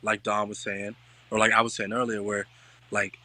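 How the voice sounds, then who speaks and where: A man hosting a casual talk show, speaking in with an animated, joking delivery. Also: fairly low pitch, normal speed, no echo. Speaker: podcast host. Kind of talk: casual chat.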